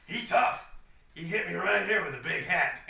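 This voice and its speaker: A man's voice: a little high, expressive, measured pace, creaky, sharp tone, full character voice. A man voicing a dim-witted, giggling male henchman who speaks broken English. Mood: giggly. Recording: echoey room, distant mic.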